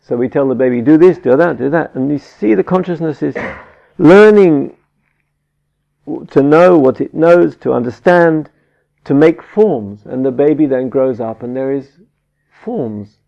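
A man teaching a Buddhist dharma talk, halting and searching for words with frequent restarts, on a dull lo-fi recording. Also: medium pitch, gravelly. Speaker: meditation teacher.

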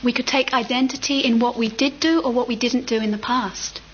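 A middle-aged woman giving a dharma talk as a meditation teacher, gentle and reflective with unhurried pauses. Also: a little high, fairly even intonation, a little hiss or hum. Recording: slightly muffled with faint ambience.

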